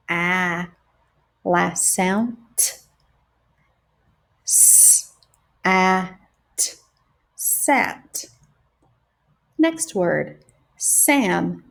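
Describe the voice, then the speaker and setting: A woman teacher leading a phonics lesson for young children, sounding out each word slowly and clearly. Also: medium pitch. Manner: slow and deliberate, stretching out each sound.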